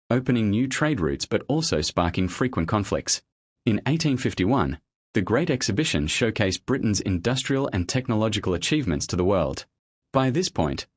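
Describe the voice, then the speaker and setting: A man giving scripted documentary narration in a measured, steady storytelling delivery. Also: lowish voice, slightly rough, dry recording.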